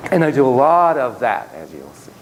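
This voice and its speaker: A man giving a classroom lecture on child therapy, telling digressive, self-deprecating stories in an animated way. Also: medium pitch, normal speed, a little hiss or hum, rough recording.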